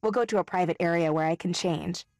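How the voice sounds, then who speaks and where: A woman's voice: fairly low pitch, fast, darkish tone, dry recording, clean studio sound, lightly acted. A woman voicing a drunk, brash young partygoer in a video game, crude and combative, with a slight slur. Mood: friendly.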